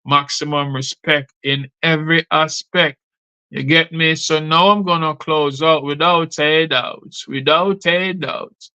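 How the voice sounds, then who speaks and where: A man's voice: a little high, little pitch movement, measured pace, bright, forceful tone, smooth. A man who hosts a show and recites his rhyming poetry in a rhythmic delivery. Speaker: poet and show host.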